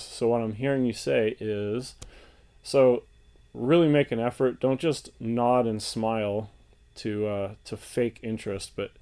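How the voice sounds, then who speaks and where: A man presenting relationship advice in an earnest, loosely unscripted way, pausing with fillers and restarting phrases as he thinks aloud. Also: mid-range voice, a little mellow.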